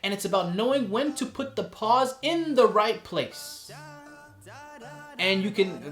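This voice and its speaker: A man giving a casual lesson on performing poetry, animated and showing the delivery he describes. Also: sits high, roomy sound, faint music behind. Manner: animated, demonstrates voices and pauses. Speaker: spoken word poetry teacher.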